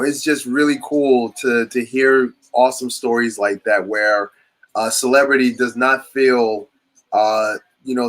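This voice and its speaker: A man's voice: medium pitch, a bit bright. A man hosting a casual chat, talking in long rambling runs with many restarts. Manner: rambling, restarts often, enthusiastic. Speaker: podcast host.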